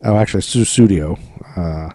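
A man's voice: sits low, moderate pace, dark tone, no echo, studio quality. An American man co-hosting a podcast in a casual, joking, rambling chat. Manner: joking, rambling, breaks into goofy accents and singing. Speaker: podcast co-host.

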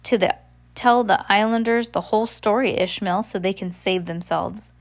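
A woman's voice: mid-range voice, moderate pace, close to an everyday voice. An earnest, bookish teenage boy from a storybook, pleading his case, as a woman reads his lines. He makes his argument with a sincere, urgent push.

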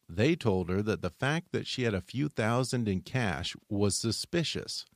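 Low-voiced man narrating with drama. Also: dry recording, clean studio sound. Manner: measured, dramatic storytelling. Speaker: podcast host and narrator. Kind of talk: scripted narration.

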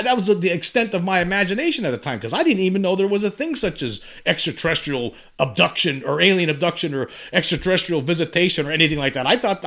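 A man's voice: high-pitched, fairly bright tone. Impassioned rambling man in his fifties. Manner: rambling, repeats words and restarts often; impassioned, rising and urgent. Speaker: channel host. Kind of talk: monologue to camera.

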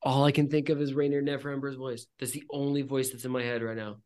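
A man narrating a tabletop game as game master, halting and swearing when he stumbles. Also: mid-range voice, level tone, darkish tone, clean tone.

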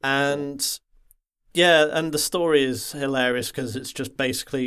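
A man from the Wirral talks casually about a video game on a podcast. He takes his time and rambles slowly, pausing often and filling the gaps with "uh" and "um". His voice sits at a middling pitch. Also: fairly even intonation, a bit bright, smooth. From the Wirral, England. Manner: rambling, lots of filler sounds. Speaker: podcast co-host.

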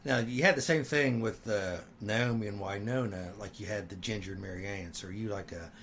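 A man's voice: lowish voice, fairly quick, fairly bright tone, slight background noise. A man co-hosting a podcast, bantering in an easygoing, self-deprecating way. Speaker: podcast co-host. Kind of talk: casual chat.

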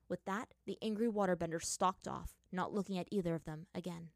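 A woman narrating a fan fiction story in a measured, dramatic reading. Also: fairly low pitch, gravelly, dry recording, studio quality.

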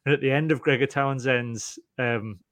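A man co-hosting a podcast, telling stories in a lively, animated way and mimicking the people he talks about. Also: medium pitch, moderate pace, no room sound. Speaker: podcast co-host. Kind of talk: casual sports chat.

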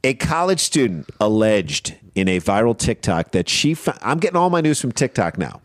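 Male podcast co-host, mid pitch, playful storyteller, dry booth sound. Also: moderate pace, no echo. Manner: animated storyteller, wry asides. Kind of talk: casual comedic chat.

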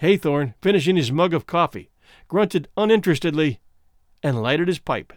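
A man narrating an audiobook in a measured, expressive way. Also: fairly high pitch, no room sound, studio quality.

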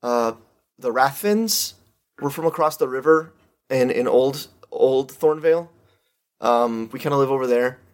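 A man's voice: mid-range voice, unhurried, lightly acted. Eager earnest young man who loves running, played by a man in a tabletop game. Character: eager young male runner, simple and earnest.

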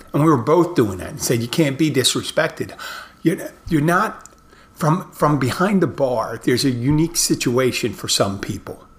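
A middle-aged man, a bartender hosting his podcast, telling stories in a casual, halting monologue with many restarts. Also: mid-range voice, a bit bright.

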